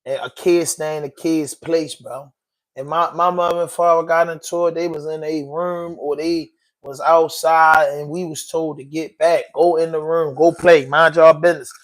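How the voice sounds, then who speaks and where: A fairly high, even-toned male voice at a moderate pace belongs to a podcast host giving a casual commentary monologue. He talks with emotion and slang, repeats himself, and "bro" comes up again and again.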